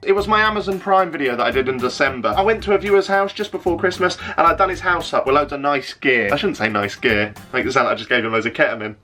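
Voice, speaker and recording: A man's voice: mid-range voice, quick pace, hardly any pauses, pushed and bright, faint music behind. A man, ranting cheekily and sarcastically to camera, with plenty of swearing. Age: 20s. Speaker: YouTuber. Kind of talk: casual vlog rant.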